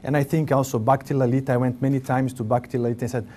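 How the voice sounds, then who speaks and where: A man with an Italian accent recalls past years in an easy conversation. He speaks English as a second language, often stops and restarts to find the right word, and his voice sits at an average pitch. A faint hiss runs under the recording. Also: level tone, dark tone. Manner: halting, searching for English words with many restarts. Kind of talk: casual reminiscing conversation.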